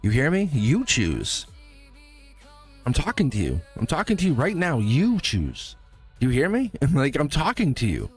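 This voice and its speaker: A man hosting a live tarot stream, talking straight to his viewers in an animated way and laughing often. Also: medium pitch, measured pace, husky, faint music behind.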